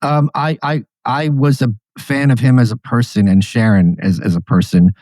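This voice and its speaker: A man appearing as a guest on a podcast, telling anecdotes in an animated, casual way. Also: mid-range voice, moderate pace, no echo. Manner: animated storyteller, laughing at his own anecdotes. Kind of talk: casual interview conversation.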